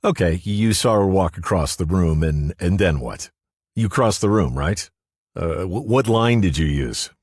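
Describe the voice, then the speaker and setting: A man voicing a quick-witted, dryly teasing woman detective in an audiobook. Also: deep voice, lively intonation, a little mellow, no echo, pitched above the performer's own voice. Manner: dry teasing.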